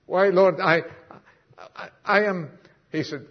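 A man preaching a sermon to a congregation, emphatic, acting out dialogue and dropping suddenly to a hush. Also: sits high, takes it slowly, pauses often, lo-fi sound. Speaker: pastor. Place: church congregation.

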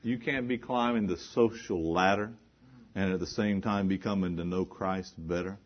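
A man's voice: deep voice, steady tone, normal speed. A male preacher delivering an emphatic sermon, repeating phrases and posing rhetorical questions. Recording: dull lo-fi recording.

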